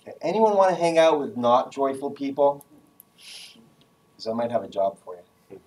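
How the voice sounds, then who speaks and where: A man giving a lively, casual talk to a class on job skills, joking and acting out phone voices. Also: mid-range voice, moderate pace, distant mic, poor audio. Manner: energetic, casual, jokey, acts out phone voices. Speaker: guest speaker giving a career talk.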